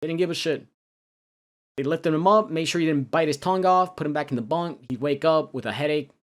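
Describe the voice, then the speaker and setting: A young man telling his own story in a loose, halting way, full of restarts and casual slang. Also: fairly high pitch. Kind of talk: personal storytelling.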